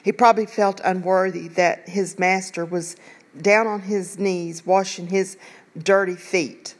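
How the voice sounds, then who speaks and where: A woman lay preacher who preaches online delivers an informal Bible devotional she recorded herself, earnest and chatty, rambling with many asides. Her mid-range voice is unhurried, with fairly even intonation.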